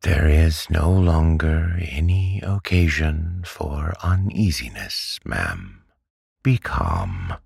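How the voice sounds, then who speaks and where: A man voicing a timid, mild male doctor who speaks meekly and softly, for a storybook reading. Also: low voice, animated, slow pace, creaky, slightly rough, no room sound, studio quality, pitched above the performer's own voice, exaggerated voice. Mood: meek soothing. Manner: meek and soft-spoken. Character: meek, timid male country doctor, mild and soft-spoken.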